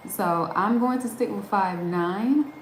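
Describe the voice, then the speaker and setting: A woman's voice: medium pitch, takes it slowly, echoey room, a little hiss or hum. A woman with a Southern American accent, hosting a casual live stream and chatting with viewers, greeting them by name and laughing often. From Southern United States.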